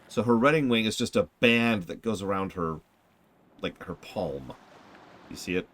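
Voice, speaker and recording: A man's voice: fairly low pitch, animated, normal speed, fairly bright tone, slight background noise. A man streaming a video game, giving casual, rambling commentary with self-deprecating asides. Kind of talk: casual let's-play commentary. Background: game music.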